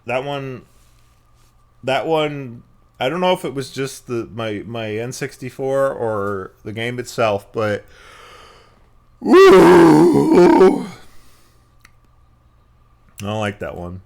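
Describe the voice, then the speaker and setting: A young man streaming a game live, cursing and yelling at it between quieter chat with viewers. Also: medium pitch, takes it slowly, long pauses. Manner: profane, yelling at the game, lively swings. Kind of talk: live gameplay commentary.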